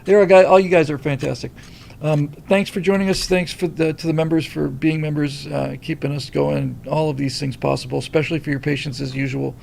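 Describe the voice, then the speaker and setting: A middle-aged man hosting a casual livestream, rambling and animated as he reads viewer comments. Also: fairly high pitch, a little fast, creaky, a little hiss or hum. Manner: rambling, animated, many restarts. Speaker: livestream host reading super chats.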